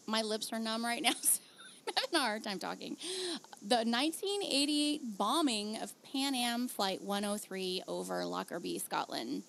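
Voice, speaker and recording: A woman hosting a podcast in casual, animated chat, laughing easily as she talks. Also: fairly high pitch, gravelly. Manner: chatty, animated, quick laughs. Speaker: podcast host.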